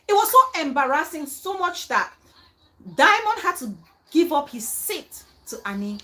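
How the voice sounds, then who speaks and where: Bright high-voiced woman, animated commentary. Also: unhurried, poor audio. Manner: animated, dramatic, quotes others in mock voices. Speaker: host reacting to a reality show. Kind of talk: casual reaction commentary.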